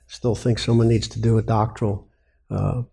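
Mellow-voiced man preaching with rhetorical questions. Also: on the low side, moderate pace, creaky. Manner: animated, asks rhetorical questions and answers them. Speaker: preacher and biblical counseling teacher. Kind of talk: sermon.

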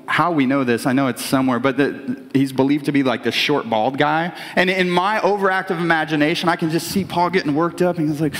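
A man preaches to a congregation in a loose, chatty style, stumbling and restarting as he goes. His voice sits a little high for a man. The sound rings with the long reverb of a large church hall. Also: a little fast, hardly any pauses, fairly bright tone. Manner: conversational preaching with many restarts, voices imagined characters. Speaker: pastor. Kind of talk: sermon.

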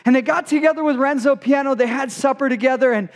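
A man with a strikingly high voice tells an animated story to a crowd. He talks as a guest speaker, with quick asides. His voice rings in a big hall with long reverb. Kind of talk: storytelling talk to a youth group.

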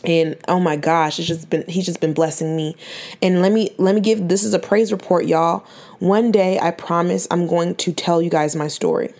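A woman's voice: fairly low pitch, fairly even intonation, moderate pace, a little mellow. A 21-year-old woman giving an earnest, faith-filled personal testimony on her podcast, fighting back tears and often restarting her phrases. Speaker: podcast host.

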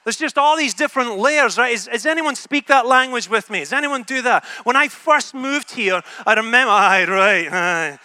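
Bright-voiced Scottish male preacher. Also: very high-pitched, normal speed, hardly any pauses, clear, resonant tone, no room sound. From Scotland. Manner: humorous, conversational, frequent tag "right?". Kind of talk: sermon. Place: in a room with an audience.

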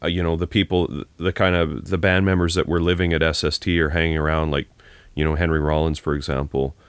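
A man co-hosting a music podcast, relaxed and arguing his case with lots of fillers. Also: a bass voice, brisk, clear, resonant tone, dry recording. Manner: relaxed, argumentative, uses fillers. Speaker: podcast co-host. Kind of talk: casual chat.

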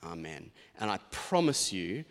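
A man's voice: on the low side, a little slow, clear, resonant tone. A man in his forties, a pastor giving a sermon in a chatty, anecdotal storytelling manner. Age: 40s. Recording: long reverb of a large hall.

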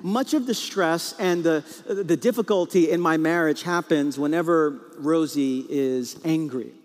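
Preacher telling a story in an echoing hall. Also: male voice, fairly high pitch, a little slow. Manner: storytelling with comic acted quotes. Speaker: pastor. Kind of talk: sermon. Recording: long reverb in a large hall.

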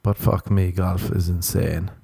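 A man's voice: low-pitched, flat delivery, measured pace, creaky, warm tone, slightly rough, dry recording. A man hosting a podcast, telling rambling, profane, self-mocking stories in a casual comedic monologue. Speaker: podcast host.

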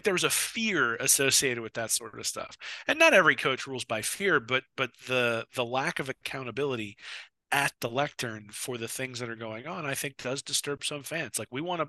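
A man co-hosting a football podcast in casual chat, long-winded and animated, often repeating words as he restarts. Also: mid-range voice, dry recording. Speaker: co-host of a college football podcast. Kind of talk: casual sports talk.

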